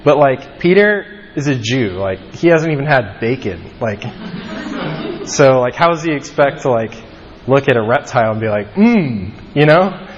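A man's voice: mid-range voice, lively intonation, a little slow. Casual young man teaching the Bible. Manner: casual, peppered with "like" and "um". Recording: dull lo-fi audio with long reverb and faint ambient noise.

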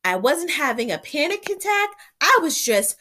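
A woman's voice: sits high, big pitch swings, normal speed, bright, forceful tone. A young woman vlogging in a casual storytelling style, chatty and full of "like", acting out her own reactions while sick with covid. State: sick with covid and an ear infection.

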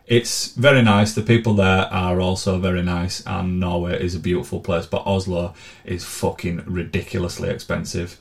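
A man's voice: low-pitched, flat delivery, moderate pace, creaky. A man telling blunt, sweary, sardonic travel stories in a casual monologue. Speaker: vlogger.

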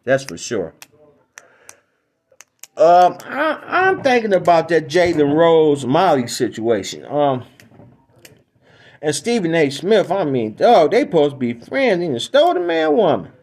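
A man's voice: a little high, a little mellow, a little hiss or hum. Rambling man telling stories on his podcast. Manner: rambling, repetitive, emphatic. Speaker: podcast host. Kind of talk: casual comedic storytelling.

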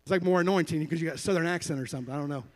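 A man's voice: a little high, racing. A man preaching a sermon in a fervent, storytelling way.

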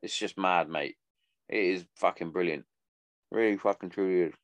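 Man, 30s, podcast host; lowish voice, dry close sound, loose sweary ramble. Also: fairly even intonation, normal speed, no room sound. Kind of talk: casual monologue.

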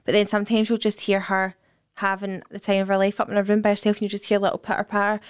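A woman with a smooth, clear voice talks about her kids in a blunt, matter-of-fact way. The sound is dry and close. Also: mid-range voice, completely flat delivery, fast talker, no room sound. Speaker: podcast co-host. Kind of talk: casual chat.

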